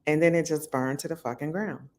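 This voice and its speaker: A woman's voice: sits low, fairly even intonation, fairly quick, a little mellow. A woman talking casually to her viewers from home, chatty, with loose slang and lots of fillers. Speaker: vlogger. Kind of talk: casual talk to camera. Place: at home indoors.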